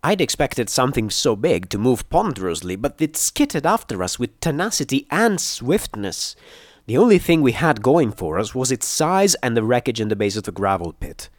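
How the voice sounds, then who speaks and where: A man reading an action story aloud in first-person narration, with steady, dramatic storytelling. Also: medium pitch, normal speed, dry recording, clean studio sound. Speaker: audiobook reader.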